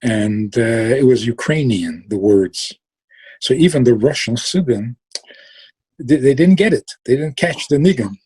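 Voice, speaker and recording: A man telling a story in a relaxed way, slow and reflective, trailing off and restarting and sometimes acting out the people in it. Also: mid-range voice, breathy edge. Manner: acts out quoted voices with sudden outbursts.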